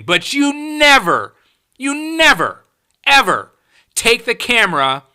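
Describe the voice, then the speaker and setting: A man's voice: high voice, sharp tone, smooth. A man hosting his own podcast, ranting in a heated, profane and emphatic way. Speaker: podcast host. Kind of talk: solo podcast rant.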